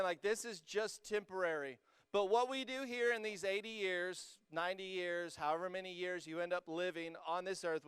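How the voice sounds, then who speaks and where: In a church hall, a young male youth pastor preaches a lively sermon to a student congregation, moving from joking asides to emphatic, rising peaks. His slightly high voice is very clear, close and dry on the mic.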